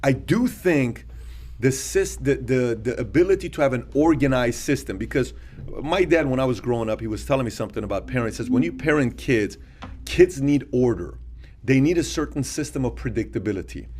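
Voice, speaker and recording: A man's voice: medium pitch, expressive, brisk, a little mellow, slight background noise. A middle-aged man co-hosting a podcast, thinking aloud in a casual discussion and often restarting his sentences. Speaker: podcast co-host.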